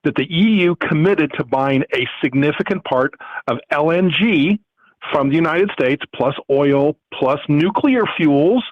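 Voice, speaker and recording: A man's voice: on the high side, dry recording, phone-quality sound. A male economist explaining a trade deal in an interview, with a few restarts. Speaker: economist guest.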